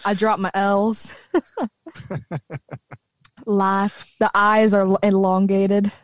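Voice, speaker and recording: A woman's voice: mid-range voice, little pitch movement, slow, no echo, studio quality. A young woman with a slight Southern US accent chatting animatedly and laughing often. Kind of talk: casual chat.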